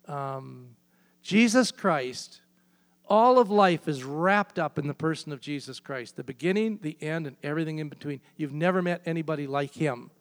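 Man preaching a sermon, high voice, long hall reverb; emphatic, hammers key phrases. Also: moderate pace.

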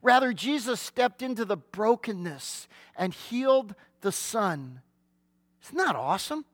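A man with a notably high voice delivers a sermon, retelling a scripture story with vivid detail and dramatic pauses. He speaks earnestly and puts rhetorical questions to his listeners. The recording is close and dry. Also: sing-song, fairly bright tone, no echo. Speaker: pastor.

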